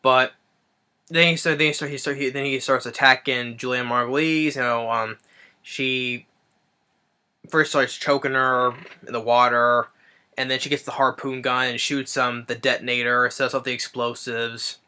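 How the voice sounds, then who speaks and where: A man giving a casual spoken film review, halting and restarting his phrases as he thinks aloud. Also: medium pitch, steady tone, pushed and bright, smooth. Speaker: movie reviewer.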